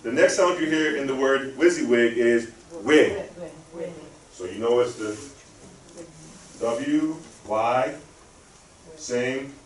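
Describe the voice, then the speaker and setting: A man speaking as a guest in a library lecture room runs a call-and-response spelling drill during a live, interactive lesson. He has a mid-range voice, takes things slowly, and pauses often. Picked up from a distance, the sound is roomy with faint hum.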